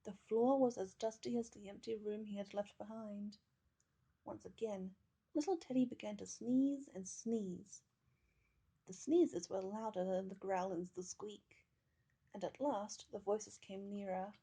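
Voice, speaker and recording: A woman reading a children's picture book aloud, with gentle, measured storytelling. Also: medium pitch, steady tone, husky. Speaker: storybook reader.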